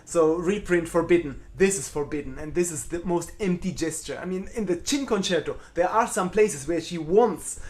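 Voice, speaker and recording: Man, middle-aged, cellist, live Q&A, slightly high voice, candid, self-mocking. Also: normal speed, hardly any pauses, a little mellow. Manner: candid, self-deprecating, blunt. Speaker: cellist answering viewer questions. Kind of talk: live online Q&A.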